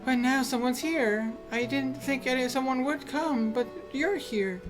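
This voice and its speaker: A man voicing a lonely, tearful young girl in a visual novel, talking in a soft, wavering and plaintive way. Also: very high-pitched, unhurried, music in the background, pitched above the performer's own voice. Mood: sad.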